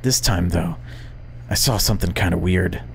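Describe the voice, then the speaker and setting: A man's voice: low-pitched, normal speed, vocal fry, a little hiss or hum. A man doing a jittery stammering caller. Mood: nervous. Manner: nervous, stammering. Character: jittery young male night-owl caller.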